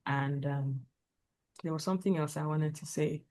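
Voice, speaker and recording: A woman's voice: low-pitched, fairly even intonation, normal speed, a little mellow. Earnest woman giving practical advice. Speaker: guest speaker. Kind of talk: casual talk on a video call.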